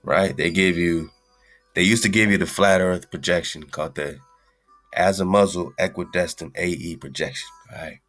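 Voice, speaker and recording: A man with a low, deep voice hosts an internet radio stream. He talks in an easygoing, slangy ramble, addressing listeners as "man." Faint music plays underneath. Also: moderate pace, a bit bright. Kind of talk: casual livestream talk.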